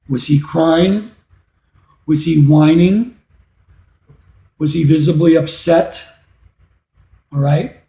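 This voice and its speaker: A man teaches a reading lesson, explaining patiently and asking rhetorical questions. His voice is gravelly with a mellow tone, and a little high for a man. It is recorded in an echoey room.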